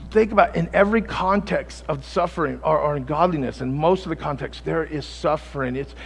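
A man preaching a sermon as pastor, swinging from quiet low passages to loud, near-shouting stories, in a church sanctuary. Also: brisk, creaky, breathy edge. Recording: long reverb from a large hall.

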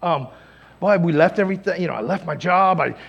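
A man pastor preaching a sermon in a church, energetic and humorous, swinging between loud exclamations and hushed lines. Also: a little high, vocal fry, lo-fi sound. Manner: humorous, acts out quick voices. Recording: long hall reverb in a church.

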